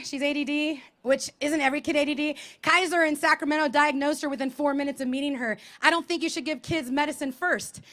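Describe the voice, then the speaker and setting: A woman's voice: high-pitched, a bit bright. A woman in her thirties performing a self-deprecating stand-up comedy set on an outdoor festival stage, speaking into a handheld mic with punchy timing.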